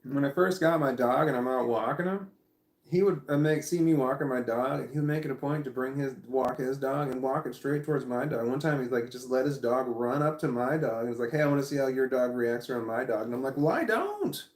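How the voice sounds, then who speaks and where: A man in the middle of a casual vlog story, rambling through it and swearing freely. His voice sits at an ordinary pitch and bounces around an echoey room. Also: steady tone, a little fast. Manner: rambling, repeats himself, swears often. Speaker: vlogger.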